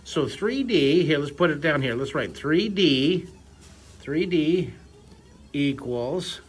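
A middle-aged man leading a live drawing lesson for a class of children, energetic and joking as he cheers them on. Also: fairly high pitch, slow, slightly rough. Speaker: drawing teacher.

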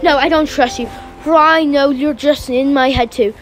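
A woman's voice: high voice, steady tone, moderate pace, faint music behind, close to an everyday voice. A woman playing a stubborn young hero who sounds defiant and exasperated.

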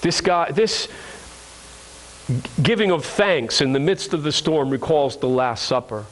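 A man's voice: on the high side, lively intonation, unhurried, a bit bright, rough recording. A male pastor preaching a sermon to his congregation, earnest and repeating phrases for emphasis, calling listeners friends.

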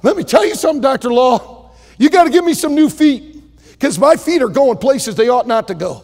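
A man acting out a desperate male patient begging a doctor for help, his voice climbing to shouts. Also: sits high, animated, moderate pace, gravelly, long reverb tail, heavily acted. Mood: pleading. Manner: pleading, rising to shouts.

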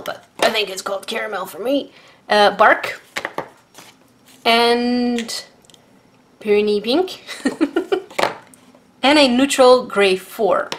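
Bubbly young woman excitedly unboxing art supplies. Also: mid-range voice, slight background noise. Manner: excitable, bubbly, giggly, repeats herself. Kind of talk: casual unboxing and product demo.

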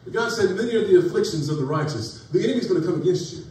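Rapid-fire and high, with lively intonation and a slightly mellow tone, a pastor tells stories in a folksy sermon that builds to rising emphasis. He's captured from far away in an echoey church sanctuary, faint noise in the background.

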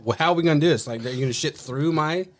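A former Marine telling crude boot camp stories in a profane, animated style on a casual podcast. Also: male voice, on the high side, very fast.

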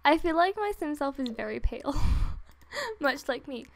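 Young woman gamer, high voice, breathless and giddy, keeps breaking off to gasp and giggle, desktop mic at home. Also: very animated, moderate pace, a little hiss or hum. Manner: giddy and breathless, laughing, gasping and trailing off. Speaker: gaming YouTuber. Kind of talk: excited gameplay commentary. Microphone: desktop USB microphone.

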